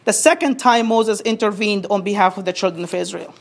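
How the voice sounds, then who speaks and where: A woman from Egypt preaching a sermon, animated as she acts out quoted speech and reading scripture slowly. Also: medium pitch, gravelly.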